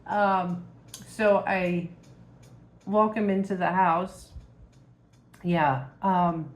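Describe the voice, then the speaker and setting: A woman's voice: on the low side, darkish tone. A woman vlogger casually telling stories from home, laughing often and acting out the voices of people she quotes. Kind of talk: casual storytelling vlog. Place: her home. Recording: roomy echo.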